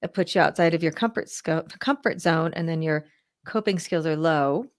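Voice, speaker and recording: A woman's voice: sits low, moderate pace. A woman co-hosting a casual talk show, encouraging and thoughtful, often drawing out her phrases. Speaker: podcast co-host. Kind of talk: casual chat.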